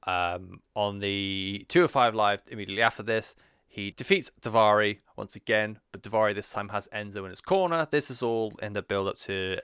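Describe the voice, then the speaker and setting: Low-voiced man, smooth and dry. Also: moderate pace, fairly bright tone, no room sound. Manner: chatty, rambling, frequent filler "um". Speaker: podcast host. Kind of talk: casual recap podcast.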